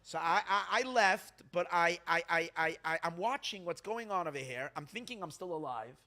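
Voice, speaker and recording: A man voicing a gentle young teacher's ghost. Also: fairly high pitch, animated, moderate pace. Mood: distressed. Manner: heartfelt, earnest first-person telling.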